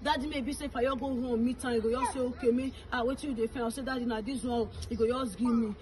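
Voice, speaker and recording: A woman's voice: fairly high pitch, fairly even intonation, quick pace, a little mellow, slight background noise, poor audio. A woman with a Nigerian Pidgin English accent speaking in a casual vlog, heaping blessings and well-wishes. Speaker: vlogger. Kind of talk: casual birthday message.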